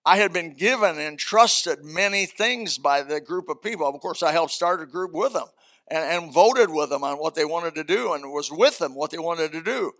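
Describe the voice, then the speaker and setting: Older pastor with a gravelly voice. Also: male voice, on the high side, animated, normal speed, fairly bright tone. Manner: folksy, emphatic preaching with humorous asides. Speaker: senior pastor. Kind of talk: sermon. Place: church auditorium.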